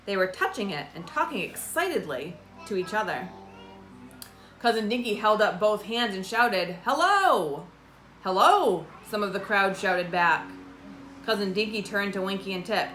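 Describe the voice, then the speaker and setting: Reading a children's chapter book aloud at a normal pace, a medium-pitched woman gives the characters lively, lifted voices and drops lower for the narration. Faint music plays behind her, and the room echoes noticeably.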